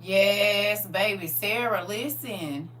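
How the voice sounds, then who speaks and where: Bright-voiced, emphatic middle-aged woman. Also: mid-range voice, slow pace. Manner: emphatic, chatty, laughs often. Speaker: livestream host. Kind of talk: casual livestream chat. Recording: distant mic with faint hum.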